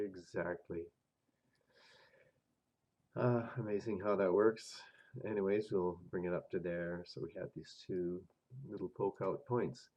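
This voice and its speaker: A man's voice: sits low, lo-fi sound. A man with a cold and a stuffed-up voice, walking through trading charts in a casual, hesitant way with many fillers. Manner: thinking aloud with hesitant fillers. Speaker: forex trading video host.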